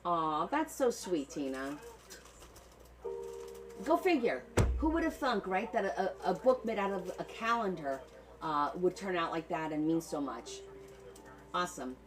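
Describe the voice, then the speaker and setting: A chatty woman hosts a live craft auction from home, her lowish voice swinging up and down as she talks. She thanks viewers by name, fond and talkative, and often stumbles over her words. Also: lively intonation, a little slow, pauses often, over music, rough recording. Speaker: livestream seller of handmade journals. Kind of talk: casual live auction chat.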